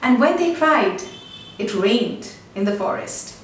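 A woman narrating a fable and an appeal in an earnest, measured storytelling way. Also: a little high, animated, slight background noise. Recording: very echoey, distant, with faint music.

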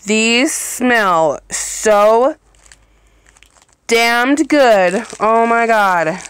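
Slow, gushing woman on her phone. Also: medium pitch, no room sound. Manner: gushing, slow and chatty, apologetic asides. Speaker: vlogger reviewing products. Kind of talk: casual unboxing chat. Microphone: phone held in hand, then set down.

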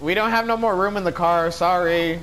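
A man hosting a casual gameplay session, swearing, laughing and shouting in panic. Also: high voice, moderate pace, slight background noise, poor audio. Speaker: gaming channel host.

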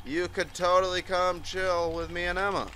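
A man's voice: sits high, moderate pace. A man playing a chat-based video game and commenting as he reads the messages aloud, often swearing and laughing. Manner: animated, swearing, laughing, reading lines in mock voices. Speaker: gaming YouTuber. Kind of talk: let's play commentary, reading chat aloud.

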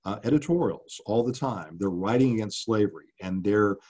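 A middle-aged man speaks to an audience in a low, husky voice. He lectures earnestly and with conviction, pausing on frequent ums and uhs as he walks through his slides. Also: lively intonation, darkish tone. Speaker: author giving a public talk.

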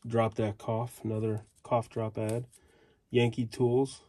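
A man's voice: mid-range voice, little pitch movement, takes it slowly, dark tone. A man flipping through an old magazine, reading ad headlines aloud in fragments and adding offhand casual remarks.

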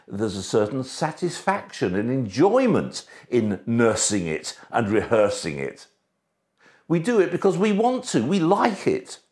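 A man preaching a sermon, emphatic, dropping soft and then rising for stress. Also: medium pitch. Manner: emphatic, shifts between soft and raised delivery.

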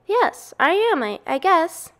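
A woman voicing a frightened young male pig in a storybook read-aloud, crying out in high, loud, drawn-out pleas. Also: sing-song, heavily acted. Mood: cheerful.

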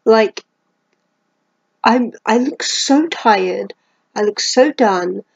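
A woman's voice: a little high, very slow, creaky, slightly rough, no echo, rough recording. A woman doing a voice-over on her own old clips, teasing herself bluntly while keeping her voice down late at night. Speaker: vlogger. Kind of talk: self-mocking voice-over commentary.

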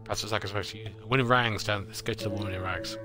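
A man's voice: fairly low pitch, fairly even intonation, very fast, music in the background. A man hosting a gameplay video, reading game text aloud with self-deprecating, muttered asides. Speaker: let's play host.

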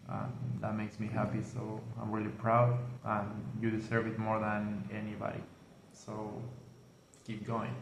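A man sending a warm holiday video greeting in a steady, plainspoken way. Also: on the low side. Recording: echoey room, faint noise.

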